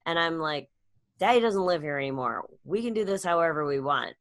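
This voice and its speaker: A middle-aged woman with a lowish voice tells a story in a relaxed interview. She is animated, throwing her pitch way up whenever she acts out what someone said. Her pace runs even, with quick bursts. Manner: animated storytelling, acts out quotes with sudden high pitch jumps. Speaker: guest, comedian and public speaker.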